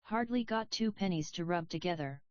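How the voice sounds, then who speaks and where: A woman reading the part of a sharp-tongued, protective old grandmother who scolds in a matter-of-fact way. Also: lowish voice, expressive, normal speed, no room sound, highs cut off, natural voice. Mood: scolding.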